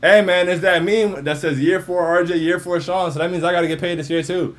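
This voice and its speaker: A man's voice: sits high, steady tone, brisk, few pauses. A man hosting a livestream in casual, slangy chat, repeating phrases as he talks. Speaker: livestream host.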